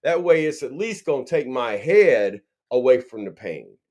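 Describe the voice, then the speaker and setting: A man co-hosting a casual podcast tells stories in an animated, profane way, acting out the dialogue as he goes. His voice is mid-range and moderately paced.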